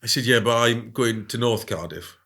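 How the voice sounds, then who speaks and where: A man telling stories in a casual interview, animated and often adding "right?". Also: mid-range voice, moderate pace. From Wales. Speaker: guest.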